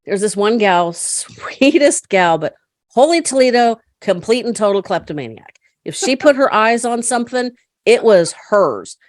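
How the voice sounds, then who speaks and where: A middle-aged woman, a podcast guest, chatting and telling stories in a lively way, laughing often. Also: medium pitch, a little slow, dry recording, studio quality. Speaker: podcast guest, caregiver advocate. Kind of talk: storytelling in casual conversation.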